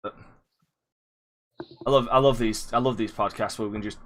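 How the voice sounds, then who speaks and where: A man hosting a casual podcast, rambling, swearing freely and often breaking into loud laughter. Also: lowish voice, fairly even intonation, normal speed, slight background noise. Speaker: podcast host.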